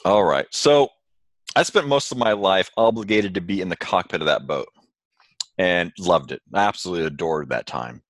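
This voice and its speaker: A man telling a story in casual chat with animated delivery, acting out quotes. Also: deep voice, normal speed, no room sound. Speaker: co-host, sailor.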